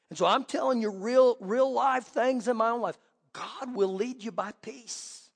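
A middle-aged male pastor preaching a sermon, telling a personal story dramatically, dropping to a hush and then rising loud. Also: extremely high pitch, a little slow, vocal fry. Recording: long hall reverb.

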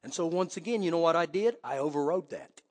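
Middle-aged male preacher, high voice, dramatic sermon storytelling, church hall echo. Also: lively intonation, quick pace. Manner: dramatic storytelling, swings from hushed to loud. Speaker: pastor. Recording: long hall reverb.

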